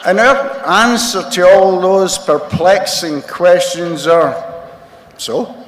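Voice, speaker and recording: Scottish man, 60s, unhurried comic storyteller with self-mocking humor, speaking in a roomy hall with long reverb. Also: sits high, a bit bright. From Scotland. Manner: wry, joking, self-mocking. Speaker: recovery meeting speaker. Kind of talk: comic storytelling talk to a crowd. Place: large convention hall. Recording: echoey hall, faint noise.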